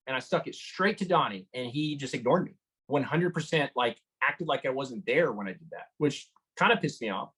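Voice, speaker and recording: A man giving an interview, retelling a tense encounter in an animated way, with lots of fillers and restarts. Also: on the high side, brisk, husky, low-quality recording. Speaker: motorcycle engine builder guest. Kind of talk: storytelling interview.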